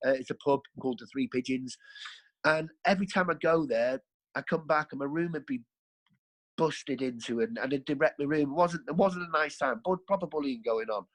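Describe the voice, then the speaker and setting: A man's voice: fairly high pitch, brisk, a bit bright, low-quality recording. A man, a podcast guest, telling his life story in a rambling, earthy way, correcting himself as he goes. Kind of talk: candid storytelling.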